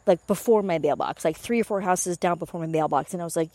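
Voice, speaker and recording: A woman's voice: lowish voice, fast talker, few pauses, no echo. A young woman telling a story in a casual, chatty way, acting out her own reactions and swearing now and then, as a meditation teacher. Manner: chatty, animated retellings with swearing and laughs.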